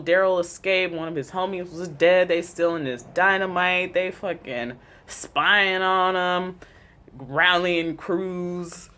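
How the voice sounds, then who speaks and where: Profane, excitable fan recapping a show. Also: medium pitch.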